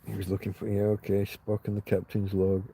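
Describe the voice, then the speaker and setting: A man's voice: lowish voice, monotone, brisk, gravelly, warm tone, slight background noise. A man hosting a casual livestream chat, telling rambling, wry stories with plenty of swearing, recorded outdoors. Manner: rambling, profane, wry storytelling. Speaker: livestream host. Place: outdoors on private land.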